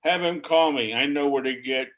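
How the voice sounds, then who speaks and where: High-voiced man with joking asides. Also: moderate pace, a bit bright, low-quality recording. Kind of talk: casual group chat.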